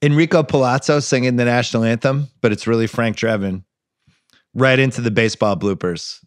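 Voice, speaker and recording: A man's voice: mid-range voice, fairly quick, dry recording, clean studio sound. An American man hosting a podcast, chatting casually about a comedy film, laughing often as he lists favorite gags. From United States. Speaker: podcast host. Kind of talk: casual movie chat.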